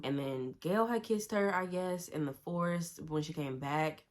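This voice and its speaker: Fast-talking low-voiced young woman vlogger. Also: a little mellow. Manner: chatty, full of "like" fillers, acts out characters' lines. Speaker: book vlogger. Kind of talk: casual reading vlog recap.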